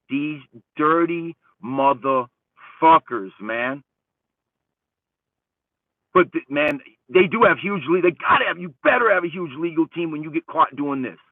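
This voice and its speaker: A man, a channel host, telling a rambling story in a profane, heated rant that swings between loud outbursts and low muttering. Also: husky, no echo, distant mic. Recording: dry phone-like lo-fi audio from off-mic.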